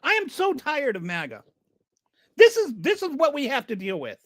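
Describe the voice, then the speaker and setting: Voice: sits high, huge pitch swings, normal speed, dry recording. A channel host giving an exasperated, sarcastic rant of political commentary.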